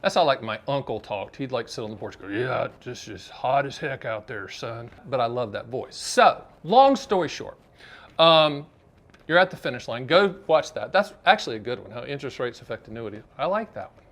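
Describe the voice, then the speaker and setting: A man's voice: mid-range voice, expressive, fairly quick, fairly bright tone. A man, hosting a finance explainer vlog in a chatty, salesy, joking way and talking straight to the viewer. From Southern United States. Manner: jokey, chatty, salesy, addresses the viewer directly. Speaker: annuity advisor and show host. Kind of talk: direct-to-camera explainer vlog.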